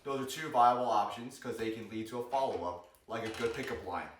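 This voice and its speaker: A man's mid-range voice moves along fairly quickly while he teaches self-defense in a lighthearted vlog. He explains as he demonstrates, jokes around, and energetically names each strike. Expect a distant mic, a roomy sound, and background noise.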